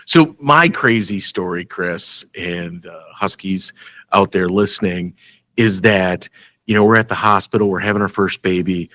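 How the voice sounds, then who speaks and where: A man from Michigan hosting a casual school podcast, telling animated stories and laughing often. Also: deep voice, unhurried, no echo. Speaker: school superintendent and podcast host.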